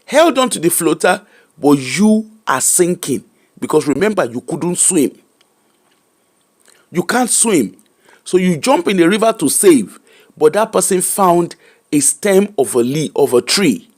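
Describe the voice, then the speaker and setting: A man's voice: fairly high pitch, very animated, unhurried, long pauses. A middle-aged Nigerian man with a Nigerian accent, hosting an emphatic, preacher-like commentary that mixes Pidgin and English. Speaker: host.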